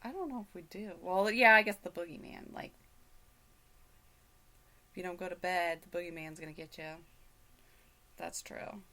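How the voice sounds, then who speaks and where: A woman's voice: lowish voice, moderate pace, pauses often, bright, forceful tone. A middle-aged woman hosting a casual radio chat, rambling with many fillers and restarts. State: hiccups. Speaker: radio show host.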